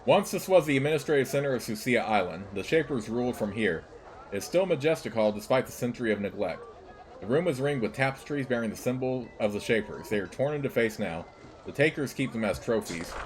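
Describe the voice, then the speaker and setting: A man narrating a let's play, reading the game's text aloud at a steady, measured pace. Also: medium pitch, a little hiss or hum.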